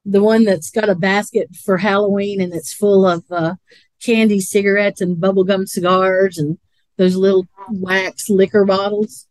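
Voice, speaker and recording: A woman's voice: mid-range voice, flat delivery, moderate pace, no echo. A woman co-hosting a podcast in casual chat, rambling and laughing a lot. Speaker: podcast co-host.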